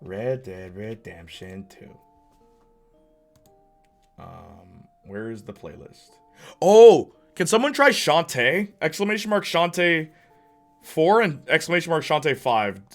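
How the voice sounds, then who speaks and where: A man streaming a game, chatting casually and answering his chat out loud. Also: on the high side, very animated, slow, long pauses. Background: faint music.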